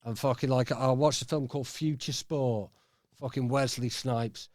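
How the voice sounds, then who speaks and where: A man's voice: mid-range voice, steady tone, moderate pace, darkish tone, dry recording. A man hosting a podcast in a studio, chatting casually with a rambling, sweary delivery full of fillers. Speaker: podcast host. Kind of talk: casual chat.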